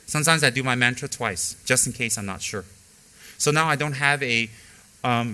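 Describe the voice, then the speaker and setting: A middle-aged man teaches dharma in a bright, forceful voice of ordinary pitch. He leans on repetition to drive points home and slips easily into frank stories about his own practice. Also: normal speed. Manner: emphatic, repeats key phrases for stress; candid personal storytelling. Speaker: Buddhist teacher.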